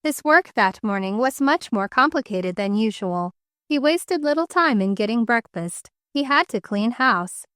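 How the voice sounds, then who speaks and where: A woman audiobook narrator reading a novel in measured, even storytelling style, recorded close on a studio microphone. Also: on the high side, dry recording. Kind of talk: scripted narration.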